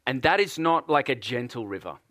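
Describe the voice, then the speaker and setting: A man's voice: mid-range voice, animated, a little fast, pushed and bright, dry recording, clean studio sound. A man from Australia with an Australian accent, preaching a sermon and putting earnest repeated questions to a congregation.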